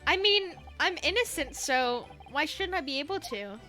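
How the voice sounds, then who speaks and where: A woman playfully reading a game's dialogue with friends in an animated, joking way, faint game music behind. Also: high voice, normal speed.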